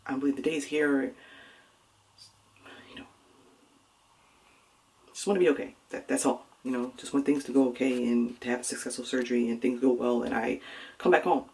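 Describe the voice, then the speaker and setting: A woman talking softly and hesitantly in a casual personal vlog, with many fillers and pauses. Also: very deep voice, steady tone. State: nervous, close to tears before surgery. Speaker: vlogger.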